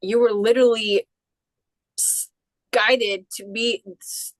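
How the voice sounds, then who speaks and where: A woman with a fairly high voice tells a personal story as an interview guest. She is animated and breaks off and restarts often, and she acts out the people she quotes. The sound is close and dry. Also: slow pace, no room sound, low-quality recording.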